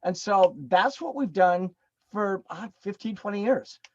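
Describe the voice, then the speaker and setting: A man telling stories as a podcast guest, animated, acting out what people said, with lots of fillers and restarts. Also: sits high, a little slow, no room sound, lo-fi sound. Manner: animated storyteller who acts out quoted dialogue; chatty, with many fillers and restarts. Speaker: podcast guest, drum circle facilitator. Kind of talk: casual storytelling interview.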